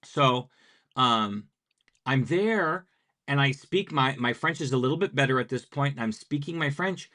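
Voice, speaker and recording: An American man talking in a relaxed interview, telling lively stories and acting out the dialogue in them. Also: mid-range voice, measured pace. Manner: lively anecdotal, acts out quoted dialogue. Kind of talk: conversational storytelling.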